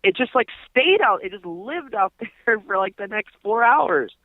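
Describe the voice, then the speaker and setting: A man's voice: sits high, lively intonation, moderate pace, dry recording. A young man tells a meandering story over a casual podcast chat, stumbling through fillers and restarts. His voice comes through thin and phone-like, with a dry, close sound. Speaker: podcast co-host.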